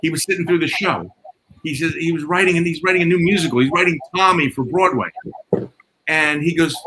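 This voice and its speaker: A man working as a sound engineer tells animated stories, acting out quoted dialogue. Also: on the high side, fairly quick, low-quality recording. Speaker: guest, concert and theater sound engineer. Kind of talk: storytelling in casual chat. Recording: noticeable background noise.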